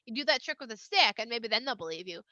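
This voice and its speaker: A woman's voice: fairly high pitch, animated, fast, pushed and bright, dry recording, dull audio. God as a laid-back, reassuring voice, put on by a woman. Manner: chatty, reassuring, slangy. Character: God, a casual, patient, all-powerful voice.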